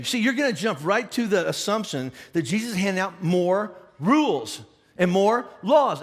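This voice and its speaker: Animated man preaching a lively sermon. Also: sits high. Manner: animated, conversational, many restarts and acted questions. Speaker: pastor.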